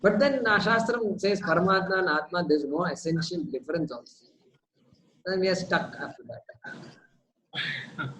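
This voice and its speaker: A man leading a question-and-answer teaching session, lively, with lots of rhetorical questions and repeated words as he works through a point. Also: high voice, slight background noise, low-quality recording. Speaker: spiritual teacher.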